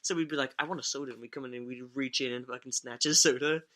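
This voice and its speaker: A man's voice: mid-range voice, steady tone, fast talker, fairly bright tone. A young man telling stories on a casual podcast, rambling and swearing, often laughing as he talks. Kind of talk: casual storytelling chat.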